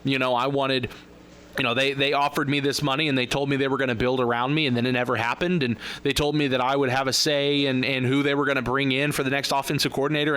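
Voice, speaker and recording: Brief: male sports co-host, sharp tone, laid-back banter. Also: medium pitch. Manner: joking, restarts often, rambling. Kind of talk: casual sports radio banter.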